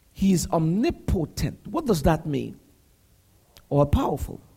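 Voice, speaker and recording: A man preaching a sermon, building to shouts and asking the congregation questions. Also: high-pitched, husky. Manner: preaching with rising shouts and call-and-response questions.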